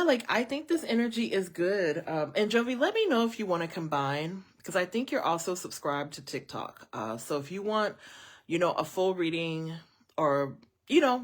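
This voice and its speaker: Woman tarot reader, live stream; low voice, very animated pitch, chatty. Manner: chatty, animated, lots of fillers, speaks to viewers as y'all. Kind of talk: casual live-stream reading.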